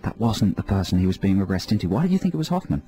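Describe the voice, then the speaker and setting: Low-voiced guy hosting a comedy radio show, mellow and dry, calm hypnotist act, bit of music under it. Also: racing. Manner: calm, mock-hypnotist patter, deadpan. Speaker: radio host. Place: radio studio. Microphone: studio microphone.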